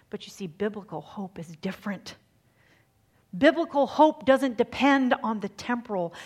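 Woman preacher, husky tone, shifts from hushed near-whispers to strong emphasis. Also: mid-range voice, moderate pace, pauses often. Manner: dramatic, swings from hushed to emphatic. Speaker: speaker giving a faith talk. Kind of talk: sermon.

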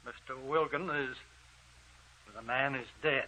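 An actor playing a calm doctor who speaks in a steady, matter-of-fact way in an old radio drama. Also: male voice, fairly high pitch, fairly quick, close to an everyday voice. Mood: grave. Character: calm, grave male doctor. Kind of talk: 1940s radio drama acting. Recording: tinny old radio recording with hiss.

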